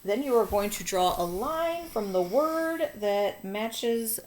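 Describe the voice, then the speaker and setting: A woman's voice: on the high side, lively intonation, slow pace, a little mellow. Lady teacher going over phonics coding, patient and upbeat, faint hiss behind. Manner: patient, encouraging, talks to students.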